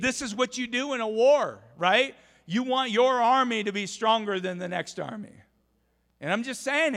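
A man's voice: very high-pitched, pushed and bright, long reverb tail. A male pastor delivering an emphatic, storytelling sermon full of restarts, recorded in a church. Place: church sanctuary.

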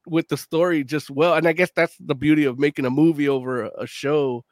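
A man in his late thirties chatting on a podcast, swearing freely, laughing often, talking in animated bursts. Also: a little high, a little fast, no room sound. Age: late 30s. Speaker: podcast co-host. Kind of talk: casual chat.

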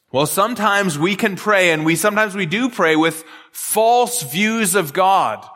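A man's voice: high-pitched, sharp tone. A man preaching a sermon as pastor, teaching earnestly and often restarting his phrases. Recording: long hall reverb.

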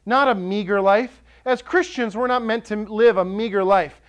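A male pastor delivers a sermon in a notably high voice. He preaches with passion, building to emphatic declarations. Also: normal speed, smooth. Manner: impassioned, rising to emphatic declarations.

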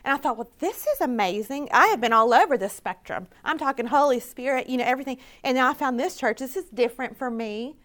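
Woman with a high voice telling her faith story on stage, earnest, keeps quoting her prayers. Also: animated, quick pace, few pauses, fairly bright tone. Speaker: conference speaker. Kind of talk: personal testimony talk.

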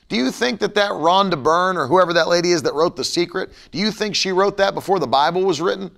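A man's voice: sits high, fast talker, creaky, few pauses, fairly bright tone. A middle-aged man preaching a broadcast sermon and leading a prayer, emphatic and fervent, now and then mocking his critics.

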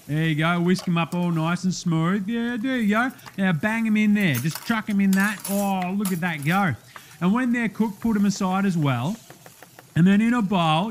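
A man's voice: sits high, a little hiss or hum, natural voice. A man playing a brash Aussie cooking-show host. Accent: Australian. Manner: crude, matey banter with laughs. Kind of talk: comedy cooking-show parody.

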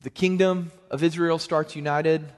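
Young man, pastor, casual joking sermon, pitch and volume swing up and down, long hall echo. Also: fairly even intonation, normal speed.

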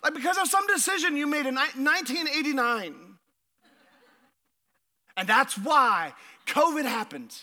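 A middle-aged man preaching a sermon as a pastor, energetic, often repeating words and asking the congregation questions. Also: very high-pitched, moderate pace, long pauses.

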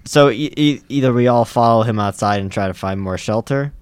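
A man's voice: mid-range voice, fairly quick, heavy background noise. A man playing a tabletop game, eager and blunt. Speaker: player.

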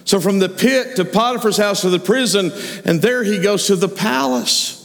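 A man's voice: sits high, normal speed, creaky, a bit bright. A man preaching a sermon, retelling stories and acting out the voices of the figures he quotes. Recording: long hall reverb.

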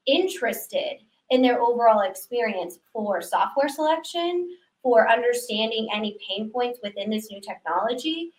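A woman's voice: a little high, roomy sound, poor audio. A woman guest in a casual business talk, explaining her points confidently. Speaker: guest, digital transformation consultant.

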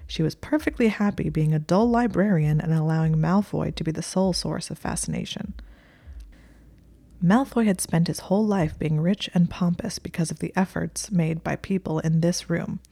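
A woman's voice: fairly low pitch, moderate pace, gravelly, warm tone. A woman narrating a story in a dry, wry way.

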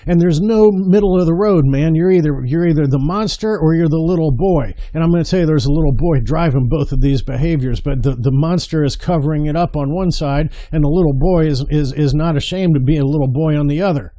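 A man's voice: fairly high pitch, a little fast, few pauses, mellow. A middle-aged man preaching passionately to men about marriage, stressing and repeating his words and calling listeners brother. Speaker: men's marriage speaker. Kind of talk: impassioned sermon-style address to men.

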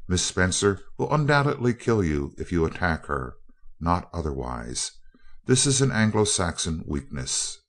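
A man reading a cold male scientist villain in a spoken story. He speaks in a very deep voice, with a cool, even, clipped delivery. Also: a little slow, full character voice. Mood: coldly calm. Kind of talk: audiobook character voice.

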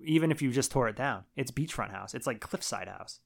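A man co-hosting a podcast, casually recapping a movie with a laid-back manner, swearing now and then and trailing off quietly. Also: mid-range voice, animated, a little fast, creaky. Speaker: podcast co-host.

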